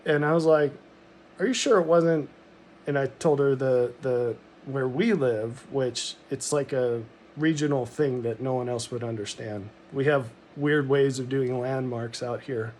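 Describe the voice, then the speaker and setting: A man's voice: mid-range voice, steady tone, unhurried, a little mellow, slight background noise. A middle-aged man from Montana telling a personal story in a rambling, reflective monologue, full of ums and restarts.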